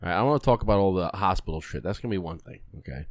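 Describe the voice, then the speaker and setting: A man's voice: low-pitched, expressive, very fast, no room sound, clean studio sound. A young man co-hosting a podcast, ranting bluntly with swearing in casual chat. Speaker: podcast co-host.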